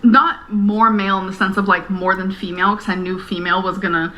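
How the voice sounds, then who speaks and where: A woman's voice: mid-range voice, steady tone, fairly quick, bright, forceful tone, muffled recording, a little hiss or hum. Rambling woman vlogging to camera. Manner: rambling, earnest, emotional. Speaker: YouTuber. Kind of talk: talking to camera vlog.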